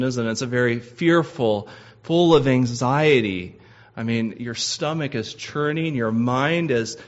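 A man's voice: mid-range voice, muffled recording. A man preaching a sermon, earnest and personal, rising to impassioned pleading when reading scripture aloud.

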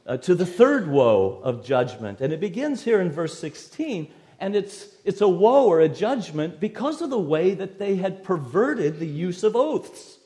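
A man preaching an expository sermon, verse by verse, with an emphatic delivery that swings between loud stresses and sudden quiet drops. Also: high voice, big pitch swings, measured pace, few pauses.

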